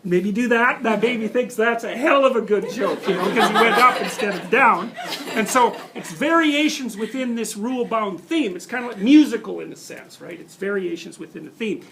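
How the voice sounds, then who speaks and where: A man in his fifties giving a university lecture to students, animated, laughing often and restarting sentences as he digresses. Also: sits high, normal speed, vocal fry, a crowd in the background. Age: 50s.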